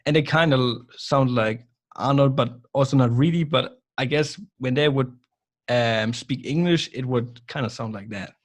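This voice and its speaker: A man with a German accent and German as his first language, chatting as a podcast guest, often pausing to search for English words and laughing. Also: medium pitch. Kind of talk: casual chat.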